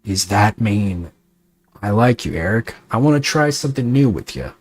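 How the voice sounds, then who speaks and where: A man voicing a brooding ghost who was once a soldier, with a somber, halting delivery. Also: on the low side, animated, dry recording. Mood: tender.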